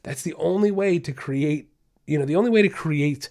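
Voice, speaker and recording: A man's voice: fairly high pitch, normal speed, darkish tone. Male podcast host, dog trainer type, emphatic coaching delivery that hammers key points. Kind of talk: casual instructional talk.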